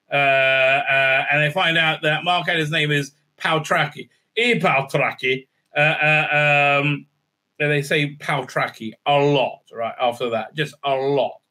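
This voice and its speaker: High bright-voiced man ranting sarcastically. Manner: crude, sarcastic, many fillers. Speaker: show host, TV reviewer. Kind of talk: casual ranting recap.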